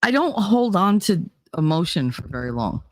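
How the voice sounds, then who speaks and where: A woman's voice: fairly low pitch, sing-song, moderate pace, darkish tone, no echo, studio quality. Blunt, swearing woman in casual chat. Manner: blunt, profane, laughing storyteller. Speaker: podcast host.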